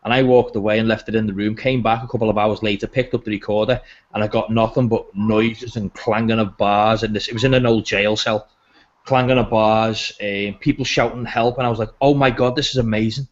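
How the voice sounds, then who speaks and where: A man's voice: fairly low pitch, little pitch movement, fairly quick. Chatty man hosting a call. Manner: chatty, jokey storyteller. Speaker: podcast host. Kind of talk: casual chat. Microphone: video call. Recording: slightly muffled call audio.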